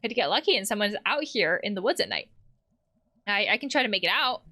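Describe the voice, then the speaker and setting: A woman's voice: medium pitch, lively intonation, brisk, sharp tone. A woman playing a game, reading the characters' lines aloud and adding her own comments. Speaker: let's play host.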